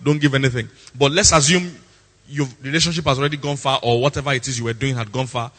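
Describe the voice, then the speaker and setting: Brief: man, pastor, bright voice, forceful sermon delivery. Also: medium pitch, fairly even intonation, fast talker, big-room sound. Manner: emphatic, repeats lines for effect, theatrical impressions.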